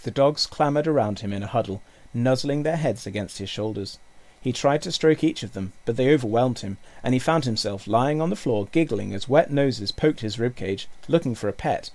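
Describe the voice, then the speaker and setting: A male teacher reading a children's book aloud, telling the story expressively. His voice has a gravelly grain and a lively, animated pitch. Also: moderate pace. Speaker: primary school teacher.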